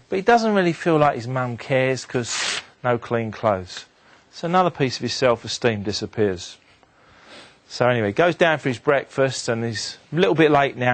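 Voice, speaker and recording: A man giving a motivational talk to an audience, telling a story in an animated way and dropping his voice low and quiet for the sad moments. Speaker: motivational speaker.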